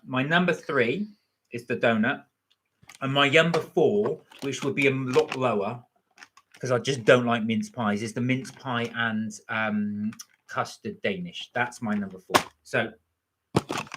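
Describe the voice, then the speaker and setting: A man's voice: mid-range voice, unhurried, fairly bright tone, slight background noise. A middle-aged man, chatting casually on a live stream and talking while he eats. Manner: chatty, rambling, talks while eating. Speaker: vlogger hosting a live stream.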